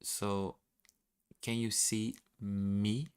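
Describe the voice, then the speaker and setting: Very slow, halting male language learner. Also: on the low side, level tone, a little mellow, clean tone. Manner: thinks aloud, sounds out German words haltingly and corrects himself. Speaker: streamer learning German. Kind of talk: live-streamed language practice.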